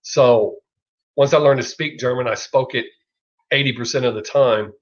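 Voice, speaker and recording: Frequent laughter and free swearing mark the rambling live chat of a middle-aged livestream host with a Southern US accent. He talks at a moderate pace in a mid-range voice, heard through a dull, lo-fi recording.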